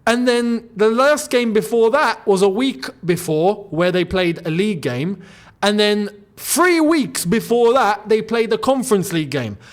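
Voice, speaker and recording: A young man hosting his football channel, talking casually and with animated disbelief, jumping between loud outbursts and mutters. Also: high voice, measured pace. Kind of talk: casual solo commentary.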